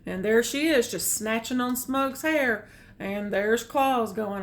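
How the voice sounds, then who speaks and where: An older woman reads a children's picture book aloud at a slow, unhurried pace. Her voice sits a little high, and she pauses to chat about the pictures. A faint hiss runs under the recording. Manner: slow, gentle, comments on the pictures. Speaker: storyteller. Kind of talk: reading a picture book aloud with chatty asides.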